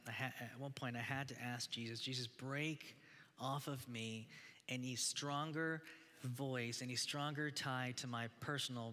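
A man's voice: mid-range voice, bright, forceful tone. A man in his thirties, a pastor giving a conversational sermon, earnest and full of restarts and rhetorical questions. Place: church hall. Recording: long hall reverb.

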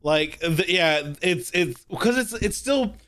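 High-voiced man chatting animatedly. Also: slow. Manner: rambling, animated, many restarts. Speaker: podcast co-host. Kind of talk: casual chat.

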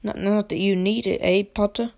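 A woman's voice: mid-range voice, steady tone, moderate pace, creaky, warm tone, lightly acted. A woman voicing a nervous young male professor who stammers heavily on his words. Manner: heavy stutter, nervous.

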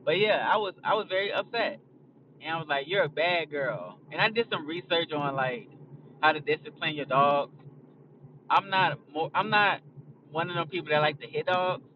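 A man's voice: on the high side, normal speed, far from the mic, lo-fi sound, a little hiss or hum. A young man talking casually as a podcast host, blunt and profane, rambling from a moving car. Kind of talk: casual chat. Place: in a car on a highway.

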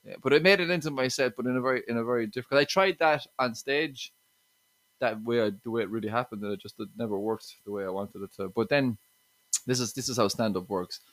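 An Irish man from Limerick, a stand-up comedian, chats on a podcast in a mid-pitched voice. He rambles loosely, stumbles over restarts and keeps tagging on 'you know what I mean'. The sound is close and dry. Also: fast, a bit bright, no echo. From Limerick, Ireland. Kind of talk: casual podcast chat.

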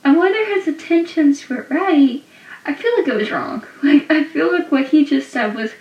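High-voiced woman recapping casually, roomy sound. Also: animated, normal speed, darkish tone. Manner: chatty, lots of "like", emphatic repetition. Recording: roomy, distant, dull sound.

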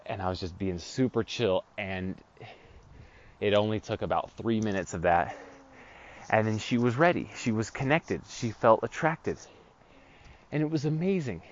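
A man's voice: fairly low pitch, animated, moderate pace, long pauses. A man hosting a podcast, telling a personal story in an earnest, casual way with many restarts. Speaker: podcast host. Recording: dull lo-fi recording.

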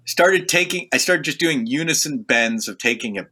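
A man's voice: medium pitch, moderate pace, sharp tone, husky. A man co-hosting a casual music podcast, telling stories animatedly and vocalizing guitar sounds. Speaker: podcast co-host. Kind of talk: casual chat.

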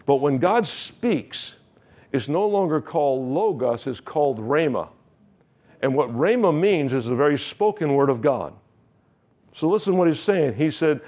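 Man, pastor, sermon, emphatic, repeats key phrases, mid-pitched voice. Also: a little mellow. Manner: emphatic preaching with repeated phrases and rising questions.

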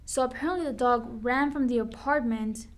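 A young woman co-hosting a podcast, chatting casually and telling stories in an animated way with lots of "like". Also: fairly high pitch, normal speed. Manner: animated storyteller, says "like" often. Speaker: podcast co-host. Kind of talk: casual chat.

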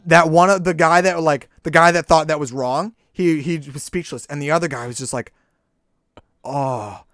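A man's voice: a little high, fairly even intonation, a little fast, a bit bright, no room sound, studio quality. A young man in casual chat, telling stories with swearing and acting out the voices of people he quotes.

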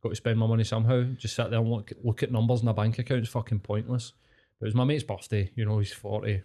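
A man's voice: fairly low pitch, fast talker. A man with a Glasgow Scottish accent telling a story in casual chat, swearing a lot and acting out the people in it. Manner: sweary, animated storyteller, acts out quotes.

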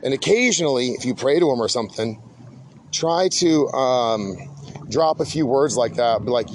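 A man's voice: medium pitch, animated, normal speed, noisy background. A man hosting a podcast in a rambling, casual monologue, laid-back and swearing often, calling people "dude". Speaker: podcast host.

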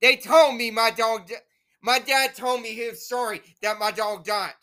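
A woman's voice: a little high, fairly even intonation, moderate pace, a bit bright. A young woman, hosting her own show, delivering a bitter, profane and repetitive rant to her viewers. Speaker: host of a home-made show.

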